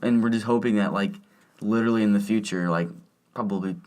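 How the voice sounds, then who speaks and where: A man's voice: fairly low pitch, fairly even intonation, fast talker, darkish tone. Laid-back young guy joking around. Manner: laid-back, joking, says dude a lot. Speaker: podcast co-host. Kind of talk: casual chat. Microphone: podcast microphone.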